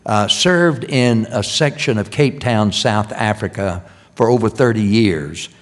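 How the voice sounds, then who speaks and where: An older man preaching a sermon in a church, repeating key phrases and swinging from loud emphasis to hushed lines. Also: on the low side, measured pace. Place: church sanctuary.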